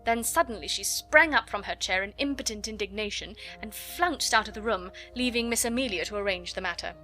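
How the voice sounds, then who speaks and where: Bright-voiced woman reading a storybook. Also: medium pitch, fairly quick, faint music behind. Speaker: audiobook narrator. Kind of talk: scripted narration.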